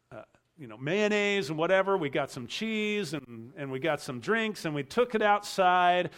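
A man's voice: on the high side, fairly bright tone. A man preaching a sermon in a conversational way, mixing verse readings with a personal story. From United States. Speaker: pastor.

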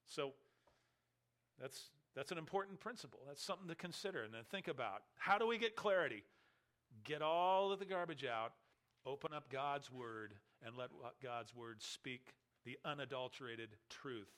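A man's voice: medium pitch, animated, moderate pace, a bit bright. A man preaching an expository sermon as a pastor, emphatic and full of rhetorical questions.

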